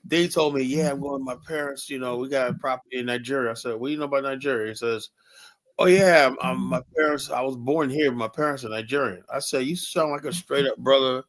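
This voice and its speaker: Rough audio from an online stream mic carries a male livestream host's fast, nearly pause-free delivery, mid-range, steady and fairly bright. On his casual opinionated talk show he's blunt, emphatic and frequently profane, recounting anecdotes complete with quoted dialogue.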